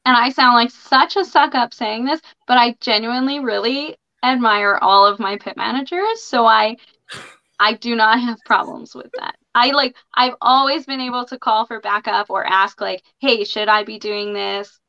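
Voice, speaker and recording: A woman's voice: a little high, normal speed, vocal fry, pushed and bright. A woman guest on a casual podcast, talking about her work in an upbeat, candid way. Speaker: podcast guest, part-time pit boss. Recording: dull lo-fi audio.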